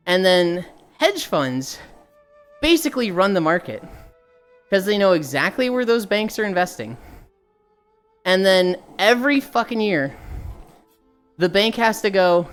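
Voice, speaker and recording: A young adult woman streamer ranting casually and profanely to her live chat. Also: mid-range voice.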